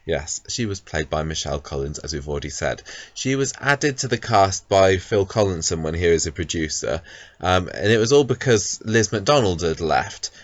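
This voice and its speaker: A man's voice: sits low, animated, moderate pace, dry recording. A man co-hosting a casual podcast, talking about a soap character with lots of ums and restarts. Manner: hesitant, many ums and restarts. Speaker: podcast co-host.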